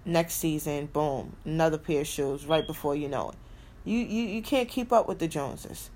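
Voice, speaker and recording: A woman's voice: low voice, normal speed, a little mellow, slight background noise. A woman hosting a podcast in a casual motivational monologue, emphatic, repeating her key phrases and swearing freely. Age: adult with a son. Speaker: podcast host.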